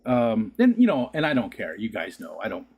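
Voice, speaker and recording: A man's voice: on the low side, wildly swooping pitch, a little fast, darkish tone, breathy edge. A man hosting a casual home livestream, chatting to his viewers in a loose, rambling way and laughing often. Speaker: livestream host. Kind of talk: casual chat to live viewers. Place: home room.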